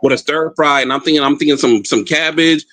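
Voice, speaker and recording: A man's voice: on the high side, steady tone, fairly quick, fairly bright tone, dry recording, rough recording. A man from Southern California with a local accent, chatting casually on a call-in show and rambling with lots of repeated words. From Inland Empire, Southern California. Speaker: caller.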